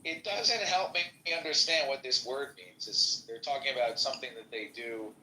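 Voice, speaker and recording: A man's voice: medium pitch, moderate pace, sharp tone, slight background noise. A man hosting casual podcast chat, asking blunt, profane and sarcastic questions in an echoey room.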